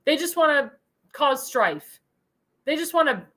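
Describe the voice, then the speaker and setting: A woman's voice: sits high, sing-song, normal speed, a bit bright. A woman hosting a political commentary show, speaking in an indignant, emphatic way and repeating phrases for emphasis. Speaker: host.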